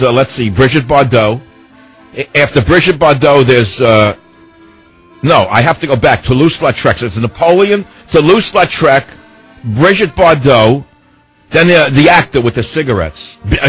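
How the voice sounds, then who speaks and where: A man's voice: mid-range voice, slightly rough, dry recording. A man hosting a talk radio show, delivering a rambling, sarcastic and mocking monologue into a studio microphone.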